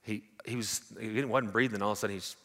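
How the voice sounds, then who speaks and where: Pastor preaching in an echoing hall. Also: male voice, lowish voice, fairly even intonation, rapid-fire. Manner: storytelling, dramatic swings from loud to hushed. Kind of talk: sermon. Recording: long hall reverb.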